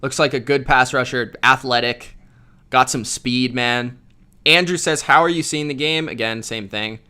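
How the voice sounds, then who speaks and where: Bright-voiced loud football streamer man. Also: medium pitch, normal speed, clean tone. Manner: loud, self-described yeller, slangy with frequent "bro". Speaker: live-stream football reaction host. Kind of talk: casual live-stream reaction and chat reading.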